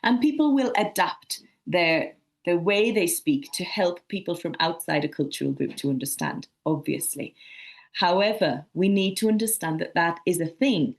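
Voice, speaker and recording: A woman presents at an academic conference in a friendly, repetitive way, with frequent "um"s. Her voice sits a little low for a woman. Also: expressive, moderate pace, gravelly. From Sunderland, England.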